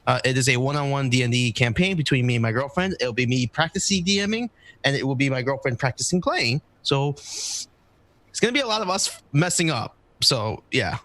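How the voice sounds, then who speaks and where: A man in casual stream chat, plugging his podcast in a relaxed, rambling way. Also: medium pitch, a little fast.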